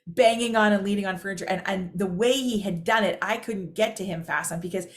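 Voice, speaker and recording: A woman's voice: mid-range voice, fast talker. A woman telling a personal story casually to camera, rambling, full of fillers and restarts, often laughing. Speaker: vlogger.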